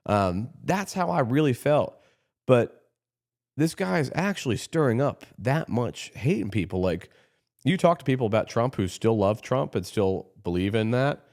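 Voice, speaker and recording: A man's voice: medium pitch, lively intonation, moderate pace, a little mellow. A man hosting a podcast, talking in a rambling, heated political monologue with frequent restarts. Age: adult, runs his own company. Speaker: podcast host.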